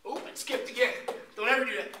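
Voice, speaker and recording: A man working as a fitness trainer, demonstrating a workout in an energetic coaching way with jokes. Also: very high voice, fast talker. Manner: energetic, joking coach talk while exercising. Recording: echoey room, distant mic, faint noise.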